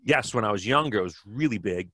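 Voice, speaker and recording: Talking fast and animatedly in a fairly low, slightly bright voice, this Wisconsin-born podcast guest, a middle-aged bike fitter, rambles through casual stories. He restarts often and leans on fillers, and there's no room sound.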